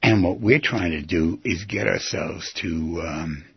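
Earnest guy coaching you through an inner dialogue, raspy and husky, lowish voice, dry flat sound. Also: unhurried, no room sound. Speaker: self-help teacher. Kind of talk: guided instruction. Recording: dull lo-fi recording.

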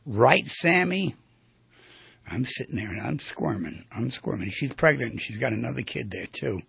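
A male therapist giving a storytelling lecture on the voice, animated and asking his audience questions. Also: fairly low pitch, fairly quick, no room sound, lo-fi sound. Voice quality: very raspy, gravelly.

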